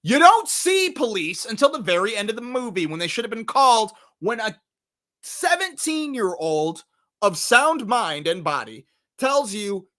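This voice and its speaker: A man hosting a movie review show in casual chat, animated and jokey, often swearing and acting out scenes. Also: high-pitched, unhurried. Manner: animated, jokey, profane, acts out scenes in put-on voices. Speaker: podcast host reviewing movies.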